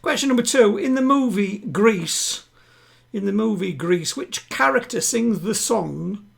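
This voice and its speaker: A man hosting a live-streamed home quiz, chatting with players and reading each question twice, slowly. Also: high-pitched, lively intonation, gravelly, breathy edge. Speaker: quiz host. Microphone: home streaming setup.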